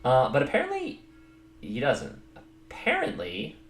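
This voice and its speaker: A man's voice: medium pitch, lively intonation, moderate pace. A man casually recapping his own chess game, rambling with lots of fillers and poking fun at himself. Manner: rambling, many fillers, self-mocking. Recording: roomy echo, faint background noise.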